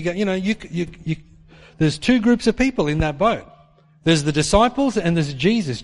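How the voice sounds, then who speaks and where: Man, pastor, sermon, animated delivery, acts out quotes, swooping pitch. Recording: long hall reverb.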